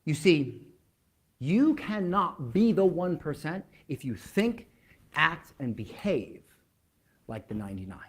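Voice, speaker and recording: Husky-voiced man telling a motivational story. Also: a little high, sing-song, slow pace. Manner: emphatic, with dramatic drops to near-whispers; repeats words while building up to a point. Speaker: motivational speaker. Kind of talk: storytelling motivational talk to an online audience.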